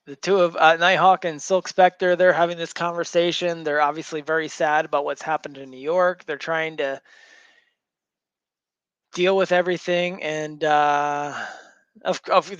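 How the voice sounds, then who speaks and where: A man's voice: on the high side, fairly even intonation, moderate pace, fairly bright tone, clean tone, no echo, muffled recording. A man hosting a show, casually retelling a story to a co-host in a loose, rambling way full of fillers. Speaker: show host recapping a comic.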